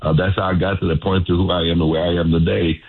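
Heard over a line that sounds like phone-quality radio, this low-voiced, fast-talking older man from Louisiana, once a football player, spins animated stories in an interview and keeps repeating phrases.

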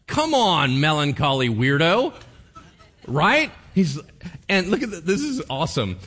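A man's voice: a little high, wildly swooping pitch, measured pace, a bit bright, slightly rough. A male pastor preaching a sermon in a casual, joking storytelling manner, laughing often.

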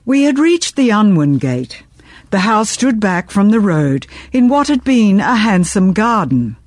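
A woman reading a first-person historical novel aloud in measured, expressive audiobook narration. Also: medium pitch, no room sound, clean studio sound.

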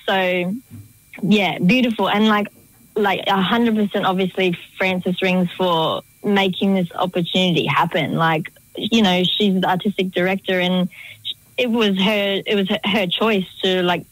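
A woman's voice: mid-range voice, no echo, low-quality recording. A young woman, a choreographer chatting in a radio interview, rambling and full of "like" fillers. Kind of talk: casual interview chat.

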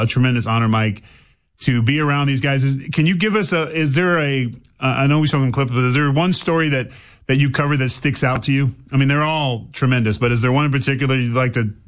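A man's voice: mid-range voice, fairly quick. Chatty joking radio host man. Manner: chatty, joking, stumbling restarts. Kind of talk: casual radio interview.

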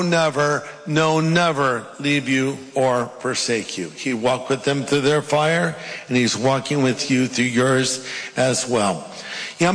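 In a large hall with long reverb, a middle-aged pastor delivers a sermon and scripture reading emphatically and dramatically. His voice is medium-pitched and a bit bright.

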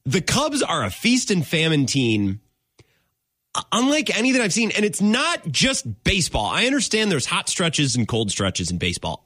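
A man hosting a sports podcast, his pitch climbing and dropping all over as he talks. He chats casually, laughs a lot and wanders off his point before coming back to it. The sound is dry and close. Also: breathy edge, dry recording. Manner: animated, laughs often, wanders off and circles back.

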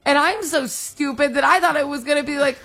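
A woman's voice: sits high, brisk, soft background music. A woman co-hosting a radio show in casual chat, telling stories animatedly and acting out what people said. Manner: animated storyteller, acts out quotes. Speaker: radio co-host.

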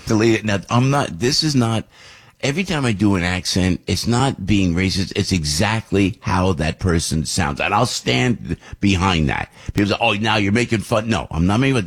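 An older man hosting a radio show, telling a story in a rambling, animated way. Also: deep voice, husky. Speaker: radio host. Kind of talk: casual radio monologue.

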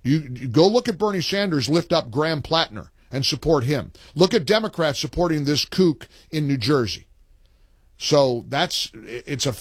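A man's voice: a little high, no room sound, studio quality. A man hosting a talk radio show, speaking emphatically and taking calls. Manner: emphatic, reads listener posts aloud with punchy delivery.

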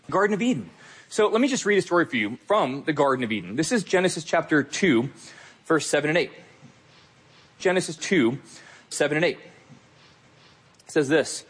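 A pastor delivering an emphatic, earnest sermon, repeating key phrases. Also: male voice, mid-range voice, breathy edge.

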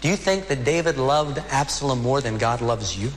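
A man preaching a sermon as pastor, earnest, with dramatic slowdowns on key words. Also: medium pitch, expressive. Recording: hall reverb with faint ambient noise.

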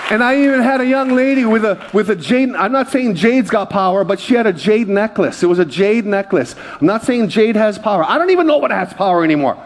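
High-voiced male pastor preaching. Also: brisk, hardly any pauses, some chatter behind, slight background noise. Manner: conversational, animated storytelling with self-corrections. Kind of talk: sermon. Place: church stage before a congregation.

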